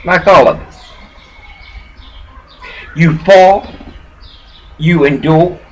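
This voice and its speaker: A woman's voice: lowish voice, extremely slow, low-quality recording. A woman recording a rambling personal monologue at home on her laptop, preachy and emotional, swinging between laughter and bitterness. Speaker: vlogger. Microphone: laptop webcam.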